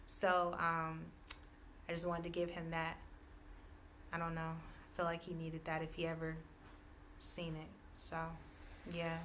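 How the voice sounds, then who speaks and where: A woman's bright, forceful voice on a low-pitched register, reading spiritual messages for her listeners. She circles each idea in repeated, hedging phrases and breaks into laughs often. Faint room ambience sits behind her. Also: monotone, unhurried, long pauses, slight background noise. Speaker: intuitive reader.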